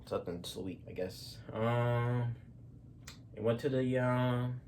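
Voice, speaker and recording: Rambling casually through his stories, this storyteller leans on slang, fillers and false starts. He speaks slowly in a medium-pitched, slightly mellow voice, with a faint hiss or hum audible.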